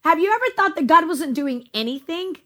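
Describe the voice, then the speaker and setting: A woman's voice: extremely high pitch, lively intonation, fairly quick, a bit bright. A woman preaching to viewers, earnest, full of rhetorical questions, rising and speeding up when she voices a questioning prophet. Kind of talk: sermon to a video audience.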